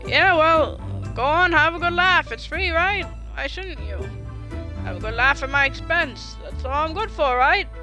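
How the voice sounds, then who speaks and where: A woman's voice: a little high, expressive, unhurried, bright, forceful tone, faint music behind. A woman voicing a bitter, self-pitying middle-aged widowed farmer in a game, faltering as he complains.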